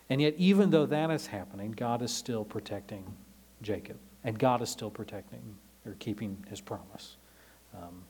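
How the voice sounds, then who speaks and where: A man giving a conversational Bible lesson, relaxed and filling pauses with frequent "um"s while he explains passages in everyday words. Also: mid-range voice. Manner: explains scripture in everyday paraphrase. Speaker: Bible teacher.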